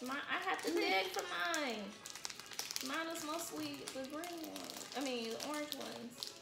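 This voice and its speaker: A woman's voice: sits high, a little slow, gravelly. A woman co-hosting a casual snack review, matter-of-fact and teasing. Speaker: channel co-host. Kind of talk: casual food review chat. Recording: roomy room with music behind.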